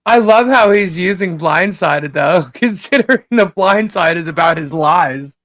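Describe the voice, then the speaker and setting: A woman hosting a live stream, casually greeting chat viewers by name, her voice a little hoarse and laughing often. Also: lowish voice, animated, a little slow, fairly bright tone, no echo, clean studio sound. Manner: chatty, laughs often, reads out viewer names. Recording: dull lo-fi stream audio.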